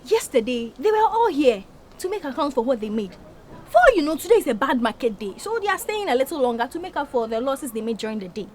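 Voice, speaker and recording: A woman plays a patient household secretary. She keeps urging the others to calm down. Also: sits high, fast talker, a little hiss or hum. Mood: reassuring. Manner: soothing, repeatedly urging calm.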